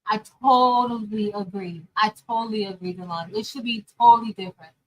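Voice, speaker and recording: A woman chatting casually and telling a story straight to her viewers, animated, calling them y'all and girl. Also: mid-range voice, fairly quick, rough recording. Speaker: crafting vlogger and teacher.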